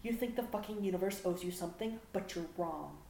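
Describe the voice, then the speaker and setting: A proud, scornful alien prince growls out cold, clipped lines, put on by a woman reading the story, pitched low and held quiet. The voice rings in an echoey room, with a faint hum underneath. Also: a little fast, vocal fry. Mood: cold contempt.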